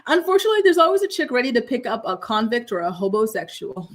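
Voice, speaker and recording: Young woman host, higher-pitched voice, chatty and animated, reads viewer comments between laughs. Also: fast talker. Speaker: host of a morning gossip show. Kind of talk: casual livestream chat reading comments.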